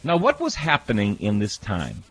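A man's voice: lowish voice, wildly swooping pitch, normal speed, a bit bright. A middle-aged man, a priest, preaching a sermon with dramatic scripture readings and call-and-response. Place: airport.

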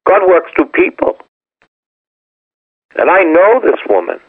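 Older man, parish priest, sermon, gravelly husky voice, emphatic repetitive preaching, tinny radio sound. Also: high voice, wildly swooping pitch, slow pace, dry recording. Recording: tinny phone-like radio broadcast.

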